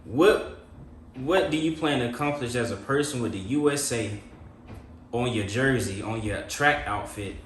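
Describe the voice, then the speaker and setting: A man's voice: mid-range voice, moderate pace. A man co-hosting a podcast in casual chat, blunt and swearing, with laughing asides. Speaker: podcast co-host. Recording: roomy echo, faint noise.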